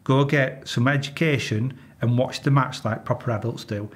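A man's voice: mid-range voice, steady tone, moderate pace. Ranting Yorkshire man, blunt and exasperated. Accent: Yorkshire English. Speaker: retired police officer. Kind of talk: candid interview storytelling.

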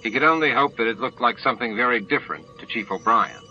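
A man narrating an amateur audiobook in steady storytelling. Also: mid-range voice, fast talker, lo-fi sound, slight background noise. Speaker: audiobook reader.

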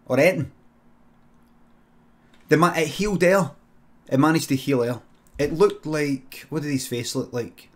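A man with a Scottish accent improvising a comic story on a stream, deadpan and sweary, breaking into sudden shouts. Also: fairly high pitch, a little slow, pauses often.

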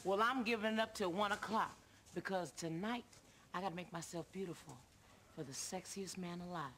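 An actress playing a sassy, teasing cashier with quick comebacks in a sitcom, on hissy old TV audio. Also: female voice, lowish voice, a bit bright, close to an everyday voice. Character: sassy wisecracking working woman, playful. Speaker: store cashier. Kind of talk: sitcom acting.

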